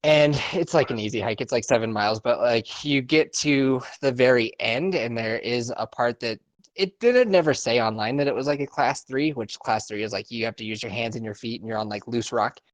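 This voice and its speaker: A man's voice: medium pitch, brisk, dry recording. A young man co-hosting a podcast, telling a story in casual, profane chat and laughing often. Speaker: podcast co-host.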